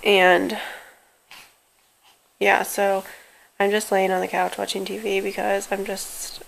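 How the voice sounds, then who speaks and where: A woman's voice: mid-range voice, level tone, takes it slowly, gravelly, pauses often, slight background noise, low-quality recording. A young woman in casual video updates, telling a frustrating story in a worn-out, pained way while lying on a couch at home. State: in pain and worn out. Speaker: vlogger.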